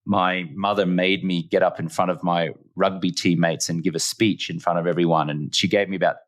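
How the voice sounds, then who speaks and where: Deep-voiced Australian man, earnest and emphatic. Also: steady tone, fairly quick. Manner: earnest and emphatic, repeats phrases for effect. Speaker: podcast guest. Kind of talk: reflective storytelling in conversation.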